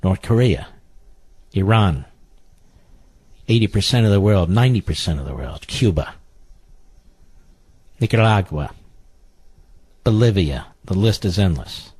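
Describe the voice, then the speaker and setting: A man's voice: deep voice, animated, a little slow, pauses often, a little mellow, slightly rough, dry recording. A middle-aged man hosting political talk radio, indignant and repeating phrases for emphasis. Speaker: radio talk show host.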